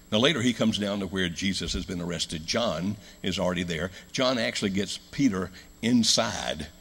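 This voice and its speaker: A deep-voiced American man preaches in a church, his tone slightly husky. He tells a story, climbing to loud emphatic lines and dropping to hushed, low ones. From United States. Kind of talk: sermon.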